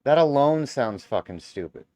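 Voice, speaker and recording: A man's voice: mid-range voice, expressive, normal speed, mellow, no room sound. A man hosting a reaction video, cutting in with sarcastic, skeptical remarks. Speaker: reaction host. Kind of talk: reaction commentary.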